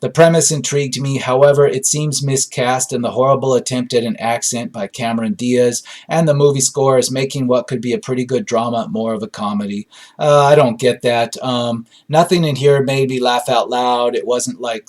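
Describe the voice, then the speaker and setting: A man's voice: mid-range voice, steady tone, normal speed, darkish tone. A man casually reviewing a film on his own, reading out audience reviews and talking with lots of fillers. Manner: rambling, frequent fillers and hedges.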